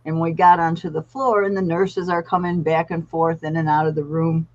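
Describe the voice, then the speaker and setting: A woman guest, a therapy dog trainer, telling animated stories on a podcast. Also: deep voice, normal speed, muffled recording. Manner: animated storyteller acting out voices. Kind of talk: podcast storytelling.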